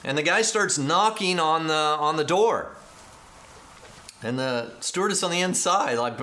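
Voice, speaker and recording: A man delivers a sermon as a lively story, acting out the people in it and building to excited peaks. His voice sits a bit high and sounds bright and forceful. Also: a little slow. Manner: animated, acts out quoted dialogue, rising to excited emphasis. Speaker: pastor.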